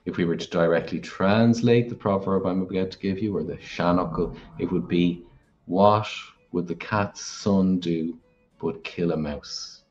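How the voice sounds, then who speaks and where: Slow, deep-voiced man teaching words. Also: a little mellow, lo-fi sound, faint music behind. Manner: slow, deliberate, repeats each word. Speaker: language teacher. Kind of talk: language lesson with repeated pronunciations.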